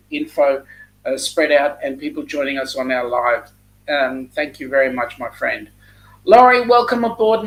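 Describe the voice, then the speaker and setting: A man's voice: fairly high pitch, a bit bright, rough recording. An Australian man hosting a casual live stream, greeting viewers by name and chatting loosely, with lots of ums. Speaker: host of a live chat stream.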